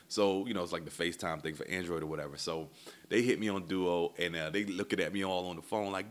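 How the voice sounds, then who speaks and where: A man hosting a podcast, telling a casual story in a blunt, profane way, and jumping up high when he imitates his kids. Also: fast, fairly bright tone. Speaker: podcast host.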